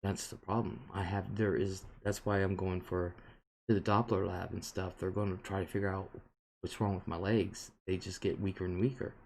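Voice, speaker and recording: A man's voice: sits low, little pitch movement, moderate pace, gravelly. A man hosting a casual live stream, answering viewer comments and rambling on with indignation. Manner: rambling and indignant, with frequent fillers. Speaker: host reading viewer comments.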